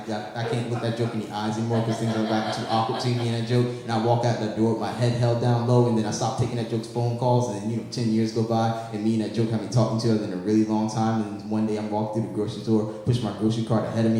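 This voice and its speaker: A man doing a stand-up set on a club stage, excitable and laughing at his own jokes. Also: lowish voice. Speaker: stand-up comedian. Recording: echoey club, distant reverb.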